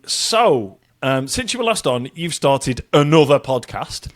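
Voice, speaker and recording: A man's voice: mid-range voice, sing-song, measured pace, a crowd in the background. A man co-hosting a podcast, chatting casually with playful, laughing banter. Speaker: podcast co-host.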